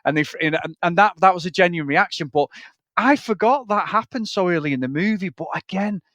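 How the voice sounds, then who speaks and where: A man's voice: high voice, fairly quick, fairly bright tone, no room sound. A man co-hosting a podcast, chatting casually about a film, swearing often and acting out lines as he talks. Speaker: podcast co-host. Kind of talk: casual film-review chat.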